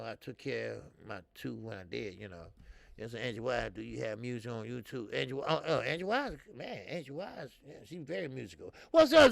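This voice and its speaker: Low-pitched with vocal fry and no echo, this middle-aged boxing livestream host keeps things loose and chatty. He greets viewers by name and peppers his talk with fillers.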